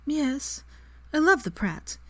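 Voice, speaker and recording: A woman's voice: high-pitched, very animated, slow, a bit bright, voice pushed up, exaggerated voice. A woman reading aloud and voicing a flustered young witch student with anxious questions.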